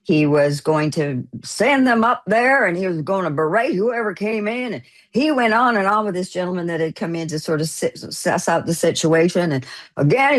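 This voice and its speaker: A woman guest telling a lively anecdote in an interview, laughing and acting out what people said. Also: fairly low pitch, normal speed. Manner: animated, laughing storyteller who acts out quotes. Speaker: guest actor. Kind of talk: casual interview storytelling.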